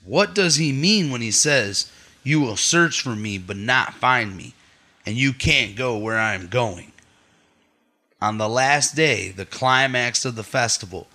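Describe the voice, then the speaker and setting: A man with a bright, forceful voice reads scripture aloud to his family at home. His reading is steady, broken by easygoing asides to everyone listening. He sits in the middle range for pitch. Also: unhurried. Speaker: father leading a family Bible study.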